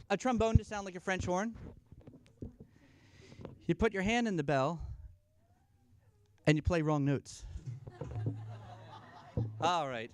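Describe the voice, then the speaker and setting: A man telling corny jokes and a long shaggy-dog story at a church family night, playful and self-deprecating, pausing for laughs. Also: sits high, a little mellow, slight background noise. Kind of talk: stand-up style corny jokes. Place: church fellowship event, live.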